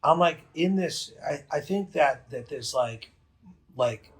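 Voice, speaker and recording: A man, telling a story as a podcast guest in a profane, emphatic, rapid way. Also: fairly high pitch, expressive. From New England. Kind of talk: casual storytelling.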